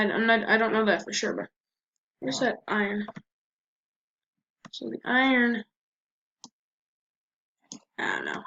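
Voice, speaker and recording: A woman with a medium-pitched, fairly bright voice gives relaxed let's-play commentary, talking to herself as the game goes on. Faint noise sits under the dull lo-fi mic recording.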